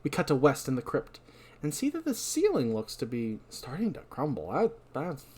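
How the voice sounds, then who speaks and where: Guy recapping a movie on a podcast, lively voice, jokey asides about himself. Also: mid-range voice, normal speed, slightly rough. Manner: animated storytelling, self-deprecating asides. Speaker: podcast host.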